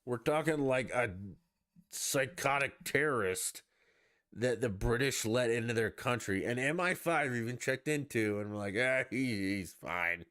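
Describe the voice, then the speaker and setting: A man's voice: mid-range voice, animated, normal speed, fairly bright tone, no room sound, clean studio sound. A man hosting a podcast, ranting casually with profanity and sarcastic mock voices. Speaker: podcast host.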